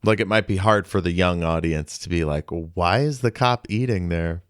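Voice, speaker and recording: A man's voice: low voice, clear, resonant tone, no echo. A man co-hosting a podcast, chatting about a film with dry jokes. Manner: slow, dry and joking. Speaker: podcast co-host. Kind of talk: casual film discussion.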